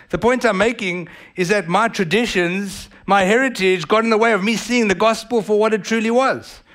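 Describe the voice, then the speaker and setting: High-voiced South African preacher. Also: male voice, normal speed, few pauses. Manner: animated, acts out voices of others. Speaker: pastor. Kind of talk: sermon.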